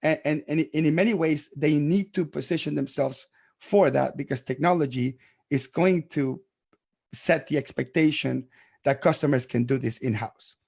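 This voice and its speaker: A man's voice: a little high, normal speed, creaky, a little mellow, slightly rough. A man who grew up abroad, an accountant hosting a podcast, arguing his point emphatically and stumbling over restarts. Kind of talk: heated podcast debate.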